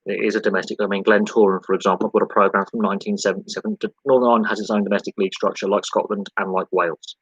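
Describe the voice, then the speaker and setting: A man's voice: fairly low pitch, fairly even intonation, racing, hardly any pauses, fairly bright tone, breathy edge, no echo, highs cut off. English man rambling on a podcast. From England. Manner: rambling, repeats himself, frequent ums and restarts. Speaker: podcast host. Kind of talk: solo live podcast talk.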